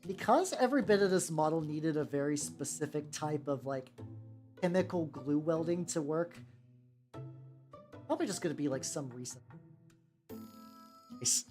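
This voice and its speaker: A woman's voice: deep voice, expressive, normal speed, long pauses, mellow. A young woman from the United States chatting casually on a livestream while painting miniatures, rambling with many restarts, fillers and casual swearing. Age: young adult. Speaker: VTuber streamer painting miniatures. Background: faint background music.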